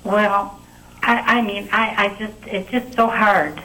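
A grieving woman caller from the United States, speaking haltingly with many restarts. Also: mid-range voice, steady tone, sharp tone, rough recording. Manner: halting, stammering speech. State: emotional, grieving.

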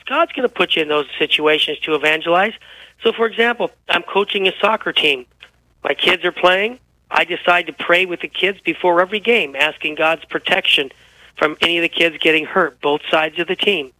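A man guesting on a radio talk show, telling stories with lively energy while feeling unwell. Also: a little high, no room sound, poor audio. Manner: energetic, animated storyteller. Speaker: guest, author. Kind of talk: radio interview, storytelling.

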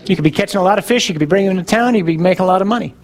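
An eager, pushy tourist, voiced by a man in a sermon joke, pressing his case insistently. The voice sits slightly high and stays close to an everyday speaking voice. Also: very fast. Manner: insistent, persuasive.

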